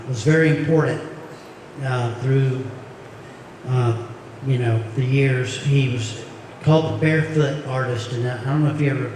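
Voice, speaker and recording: A middle-aged man telling a halting, heartfelt story on a concert stage, heard through a stage mic from the audience. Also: mid-range voice, a little hiss or hum. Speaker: singer-songwriter performing a concert. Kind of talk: storytelling between songs. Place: opera house stage. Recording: echoey hall recorded from far off.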